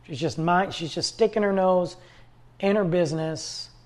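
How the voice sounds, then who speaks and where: A man's voice: high-pitched, normal speed. A man hosting a podcast, rambling along in casual conversational storytelling. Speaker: podcast host. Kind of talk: casual solo talk.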